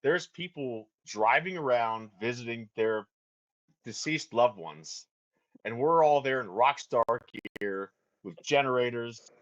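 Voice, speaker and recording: Male guest, mid-pitched, profane laughing storyteller, muffled lo-fi audio. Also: a little slow. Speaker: band vocalist and guest. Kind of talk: casual storytelling chat.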